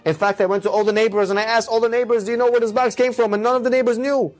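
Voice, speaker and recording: A man voicing an anxious, grateful wife in a spoken story, lifting his voice high for her. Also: level tone, racing, soft background music. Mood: earnest.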